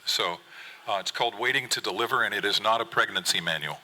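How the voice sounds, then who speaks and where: A man's voice: on the low side, quick pace, pushed and bright, a little hiss or hum, poor audio. A man, a commercial fisherman, reading his personal story aloud on a live theater stage in an earnest, plain way.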